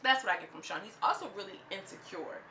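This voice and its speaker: A bright, forceful woman talks through a reality episode in a loose, slangy vlog manner. Her voice bounces around a roomy, echoey space with a faint hiss underneath. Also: mid-range voice, fast talker. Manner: animated and slangy, acts out quotes in mocking voices. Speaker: reality TV reviewer. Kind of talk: casual commentary vlog. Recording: echoey room.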